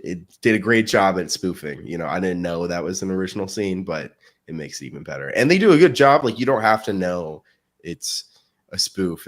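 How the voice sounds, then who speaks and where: A man co-hosting a casual podcast, laughing as he retells scenes. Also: sits low. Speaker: podcast co-host. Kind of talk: casual chat.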